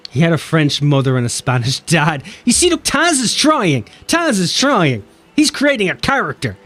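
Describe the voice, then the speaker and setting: A man with an Irish accent, chatting playfully on a game live stream and jumping between deep and high voices. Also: huge pitch swings, normal speed, a bit bright, soft background music. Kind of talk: casual live-stream chat.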